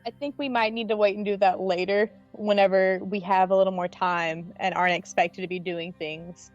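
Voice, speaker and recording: A woman's voice: mid-range voice, steady tone, moderate pace, highs cut off, faint music behind. A woman playing a tabletop game, joking and laughing. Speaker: player.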